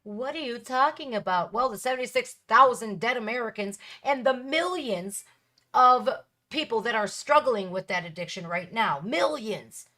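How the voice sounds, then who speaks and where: A woman's voice: a little high, expressive, moderate pace, sharp tone. A woman in her thirties hosting a reaction video, talking candidly and bluntly in a casual, emphatic way.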